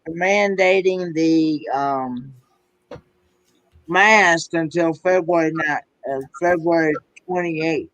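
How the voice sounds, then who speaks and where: Brief: higher-pitched male co-host, halting delivery, dry recording. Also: a bit bright, dry recording, low-quality recording. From Sullivan County, USA. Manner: halting, repeats words while speaking. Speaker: live stream co-host. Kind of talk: casual live stream chat.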